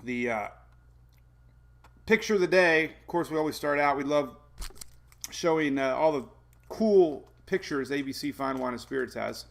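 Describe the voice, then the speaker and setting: With a creaky, fairly high-pitched voice at normal speed and long pauses, a man hosts a weather show live from his home. His chat is rambling and jokey, full of self-deprecation and laughs.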